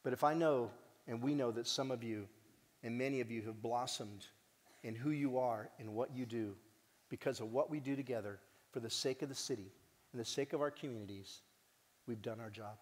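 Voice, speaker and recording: A man with a mid-range voice speaks briskly in a long, reverberant hall. As the organization's director, he gives a heartfelt conference talk, earnest and lively, tossing in the odd joke for the audience.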